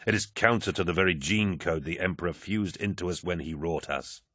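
A man voicing a giant male warrior, speaking gravely and in a measured, low way, as an audiobook character voice. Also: a bit bright, no echo, studio quality.

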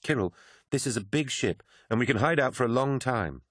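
A man reading an audiobook, voicing a woman remembrancer who is anxious and stubborn, with an urgent, protesting manner and a husky edge. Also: medium pitch, animated, brisk, a bit bright, no echo, clean studio sound, pitched above the performer's own voice. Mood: alarmed, insistent.

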